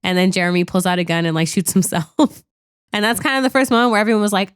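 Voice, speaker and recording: She's a fast-talking podcast co-host with a medium-pitched, clean voice, loosely reviewing a movie with plenty of "like" and a swear here and there. The sound is dry and studio-clean.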